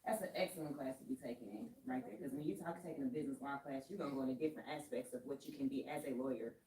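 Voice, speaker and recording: A woman's voice: a bass voice, rapid-fire, mellow. A woman on a workshop panel, encouraging a student in a rambling, supportive way. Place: workshop room. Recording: roomy hall from far off.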